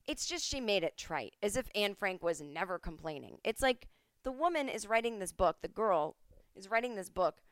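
An American woman hosting a podcast from home, ranting comedically with profane sarcasm, swinging between mumbled asides and loud outbursts. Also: mid-range voice, lively intonation, moderate pace, no room sound, clean studio sound. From United States. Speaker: podcast host. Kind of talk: comedic rant.

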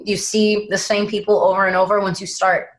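Young actress telling lively anecdotes. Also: female voice, mid-range voice, fairly quick. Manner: lively, dramatic anecdotes with voiced quotes. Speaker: actress guest. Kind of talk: animated storytelling in interview.

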